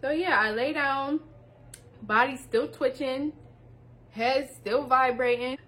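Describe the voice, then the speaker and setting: Young woman, storytime vlog, lively and laughing, talks straight to viewers, bright high voice. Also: slow, slight background noise. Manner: animated, addresses viewers as y'all, laughs while telling.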